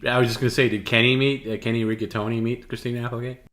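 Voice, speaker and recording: A man's voice: medium pitch, flat delivery, very fast, a bit bright. A man co-hosting a livestream, correcting and coaching a performer in a wry, casual way.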